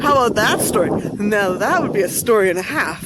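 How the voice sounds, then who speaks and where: A woman vlogging outdoors in a town cemetery, talking in a halting, musing way, repeating phrases and getting emotional. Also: mid-range voice, expressive. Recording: outdoor street noise. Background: passing traffic.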